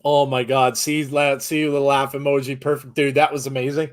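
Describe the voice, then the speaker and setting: A man co-hosting a live reaction commentary, excitable, laughing often and gushing with exclamations. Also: mid-range voice, normal speed. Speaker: co-host of a wrestling watchalong.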